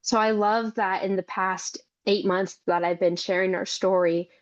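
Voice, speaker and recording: A woman's voice: mid-range voice, steady tone, normal speed. Earnest young woman, slightly muffled audio. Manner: earnest, talks in long run-on stories. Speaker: podcast guest, mother and caregiver. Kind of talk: conversational interview.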